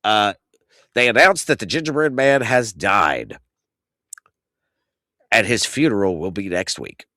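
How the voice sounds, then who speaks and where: A man in his thirties hosts a casual wrestling recap, his pitch swinging widely as he rants. He swears freely and sounds exasperated. The sound is dry and close, with no room around it. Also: measured pace, pauses often, dry recording. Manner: animated ranting, swings loud and high when outraged; profane, exasperated. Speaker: podcast host.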